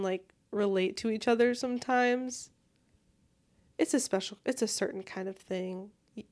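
A chatty young woman hosts a casual solo podcast, rambling along in a bubbly, easygoing way. Her voice sits in an ordinary middle pitch for a woman. She is talking from her bed at home. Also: a little mellow. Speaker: podcast host.

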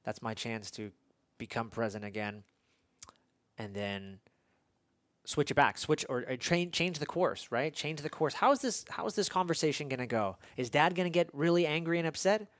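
A man's voice: mid-range voice, animated, normal speed, dry recording. Earnest man host, dry sound. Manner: earnest, rambling, many restarts. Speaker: podcast host and father. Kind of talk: conversational interview.

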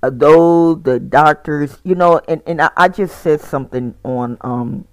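Tired man rambling slowly. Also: fairly high pitch, no room sound. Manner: rambling, frequent restarts and repeats. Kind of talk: casual monologue to camera.

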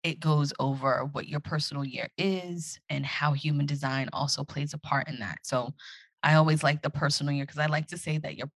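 A woman's voice: deep voice, a little fast, breathy edge, no echo. A woman hosting a podcast alone, chatting casually and reflectively as she encourages her listeners. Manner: acts out her own excited inner voice. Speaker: podcast host. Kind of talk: casual solo podcast talk.

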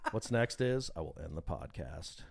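A man hosting a podcast, joking loosely and swearing, sometimes dropping into a low put-on voice. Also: normal speed, gravelly, a little hiss or hum. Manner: animated, sweary joker, drops into a low put-on voice. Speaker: podcast host. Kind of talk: casual podcast chat.

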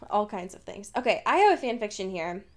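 A woman's voice: medium pitch, big pitch swings, moderate pace. A woman co-hosting a podcast in casual chat, laughing often and swearing freely. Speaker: podcast co-host.

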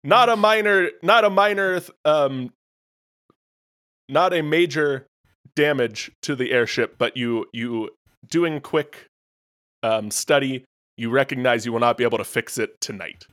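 A man narrating as game master in a tabletop game, with halting delivery and frequent restarts. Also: medium pitch, fairly bright tone.

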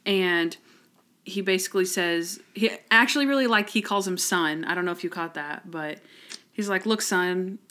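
A woman's voice: fairly low pitch, normal speed, sharp tone. A woman co-hosting a podcast, chatting casually about a TV episode, often using "like" and acting out characters' lines. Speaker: podcast co-host.

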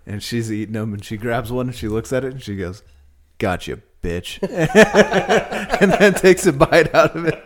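A man's voice: medium pitch, moderate pace, few pauses, crowd noise. A young adult man, a podcast host, casually telling funny anecdotes and laughing along. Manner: laid-back, laughs while telling anecdotes. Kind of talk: casual chat, storytelling.

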